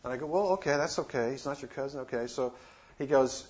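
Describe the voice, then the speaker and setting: A man telling a personal missionary story in a casual, halting way, with many fillers and restarts. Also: mid-range voice, a little mellow. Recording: dull lo-fi recording with faint noise.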